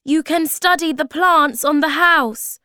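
Woman playing a young storybook boy creature, eager, raised child-like voice, unhurried, close. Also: a little high, dry recording, voice pushed up. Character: Moomin Troll, young eager male creature.

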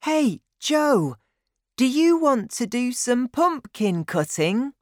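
An eager young girl in a children's storybook, bright and keen, played by a woman. Her voice is pitched very high. The recording is close and dry. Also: sing-song, slow pace, dry recording.

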